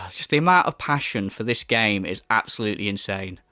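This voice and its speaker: A man's voice: lowish voice, animated, moderate pace, bright, forceful tone, dry recording, studio quality. A man giving sweary, sarcastic commentary as a YouTuber and often laughing at the person he is discussing. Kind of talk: ranting commentary.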